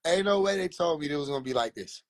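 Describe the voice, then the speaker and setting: A young man talks straight into his phone during a live stream, his voice sitting a little high. He rambles in a loose, animated, profane way. He keeps breaking into quick quoted voices of other people. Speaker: livestreamer. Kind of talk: rambling casual livestream monologue.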